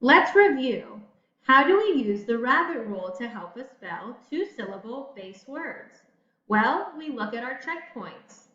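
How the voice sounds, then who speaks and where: A woman teacher giving a recorded spelling lesson, talking slowly and encouragingly to young students. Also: a little high, big pitch swings, fairly bright tone. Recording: echoey room, dull lo-fi audio.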